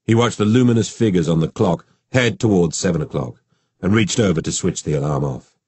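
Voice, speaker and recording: A man narrating an audiobook in a steady, measured way, with a very low and husky voice. He is recorded close on a studio microphone. The sound is dry, with no room echo.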